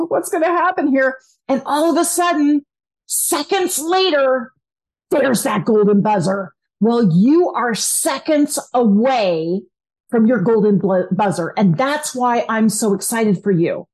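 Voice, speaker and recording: An energetic woman delivers a motivational self-help talk as host, addressing the listener directly. Her voice sits a little high and leaps even higher when she acts out what people think or say. She keeps the tone upbeat and encouraging throughout. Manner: acts out quoted inner voices with big pitch jumps. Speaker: podcast host and coach.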